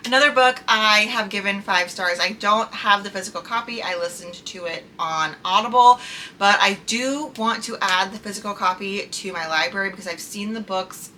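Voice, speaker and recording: A sharp-toned, medium-pitched young woman from the US speaks at a moderate pace over a slight hiss or hum. She chats casually as a book reviewer, gushing about books she loved and leaning heavily on "like."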